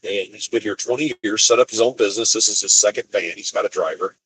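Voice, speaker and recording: An expediter truck driver, alone inside his vehicle on the road, rambles casually through a story, restarting sentences and retelling conversations. His voice is lowish, quick, fairly bright and slightly rough, and the recording is rough.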